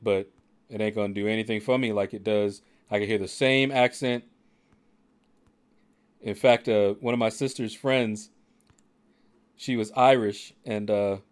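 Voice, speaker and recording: A middle-aged man hosting a game stream and chatting casually, laid-back and dryly joking. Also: fairly low pitch. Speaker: streamer hosting a gaming channel.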